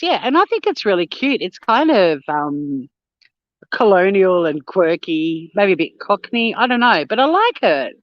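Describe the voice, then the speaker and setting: A woman's voice: medium pitch, sing-song, unhurried, no room sound, highs cut off. Chatty Australian woman on a phone livestream. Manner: chatty, swears freely, laughs often. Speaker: livestream host. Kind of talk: casual live chat reading viewer comments.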